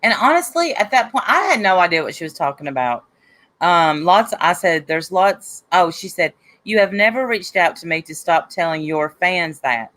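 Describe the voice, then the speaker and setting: A woman's voice: on the low side, animated, moderate pace, a bit bright. A woman hosting a live stream, casually retelling an online argument and reading the comments aloud. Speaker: host of a live stream show.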